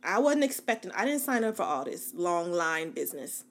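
A woman's voice: on the low side, moderate pace. A woman hosting her own podcast, telling a story in a chatty, colloquial way, laughing often and talking straight to her listeners. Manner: animated, playful asides to listeners. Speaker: podcast host. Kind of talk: casual storytelling monologue.

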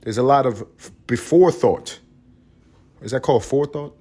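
A man's voice: mid-range voice, normal speed, dark tone. A man hosting a podcast, talking in a rambling, profane, wry comedic monologue. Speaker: podcast host.

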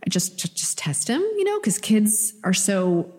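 A middle-aged woman co-hosting a podcast, telling a personal story in a lively, casual way. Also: mid-range voice, unhurried, long reverb tail. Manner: animated storyteller, acts out quoted voices. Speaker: podcast co-host.

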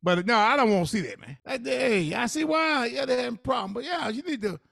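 A man's voice: very high voice, animated, brisk, gravelly, a bit bright, no room sound, studio quality. A man co-hosting a podcast, brash and blunt, laughing and swearing freely in casual banter. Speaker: podcast co-host.

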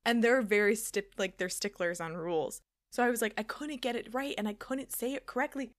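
A young woman co-hosting a podcast, telling a story in casual chat and acting out the quotes with loud, animated energy. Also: on the high side, brisk. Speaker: podcast co-host.

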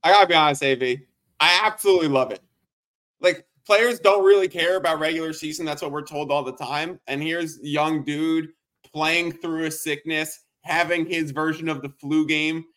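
A man co-hosting a sports podcast, talking in a casual, animated way as he tells stories. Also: a little high, normal speed. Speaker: podcast co-host.

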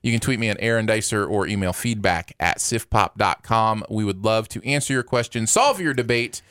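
A young adult man co-hosting a casual movie podcast, enthusiastic and animated as he tells stories. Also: fairly low pitch, brisk, clean tone, dry recording, studio quality. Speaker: podcast co-host.

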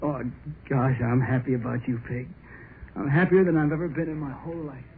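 An actor playing an eager young man named Bill in a 1930s radio drama, boyish and excitable, often breaking into laughter. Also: medium pitch, brisk, slight background noise, lightly acted. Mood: exuberant. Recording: tinny old radio broadcast with music.

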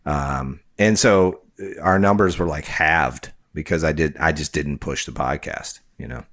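A man's voice: a bass voice, a little slow, fairly bright tone. A man co-hosting a podcast, talking casually and rambling with frequent restarts and fillers. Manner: rambling, self-correcting, lots of fillers. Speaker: podcast co-host.

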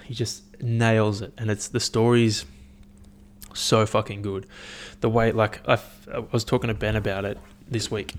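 A man's voice: fairly low pitch, a little hiss or hum. Profane, rambling young man. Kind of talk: casual solo rant.

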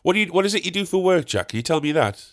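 A man playing a chatty middle-aged gardener with a raised, sing-song pitch. He is nosy and overfamiliar, asking permission before every question and leaning on the other person's name. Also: very animated, rapid-fire. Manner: keeps asking permission and repeating the listener's name.

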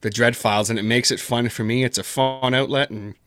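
A man's voice: medium pitch, steady tone, fairly quick, fairly bright tone, dry recording, studio quality. A man talking casually in an interview, rambling with lots of fillers and self-deprecating asides. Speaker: podcast guest, horror narrator.

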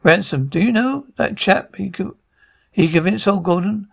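A man's voice: high-pitched, moderate pace, gravelly, husky, exaggerated voice. A man voicing a chatty army officer who relays news in a breezy, gossipy way.

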